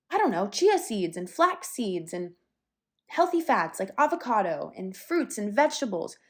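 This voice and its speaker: A young woman hosting a solo podcast, talking casually and candidly, with fillers and the odd swear word, a little out of breath. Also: medium pitch. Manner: chatty and candid, with some swearing and lots of fillers. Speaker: podcast host.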